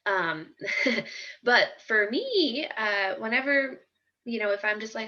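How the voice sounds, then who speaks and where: A woman's voice: mid-range voice, measured pace, pushed and bright. A young woman chatting casually and animatedly, acting out her mother's advice as she tells a story. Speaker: co-host. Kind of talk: casual chat. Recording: dull lo-fi sound.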